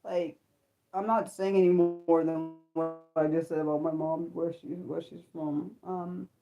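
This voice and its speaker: An American woman hosting an unscripted livestream, chatting in a rambling, animated way with many fillers and restarts. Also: sits low, measured pace, over music. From Maryland, United States. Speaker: livestream host. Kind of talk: unscripted livestream chat, answering viewers.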